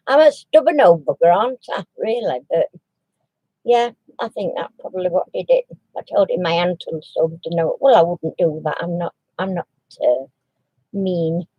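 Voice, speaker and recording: A woman's voice: fairly low pitch, moderate pace, dry recording, lo-fi sound. A woman, chatting casually on a crafting live stream, rambling with many restarts. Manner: coos baby talk to her dog.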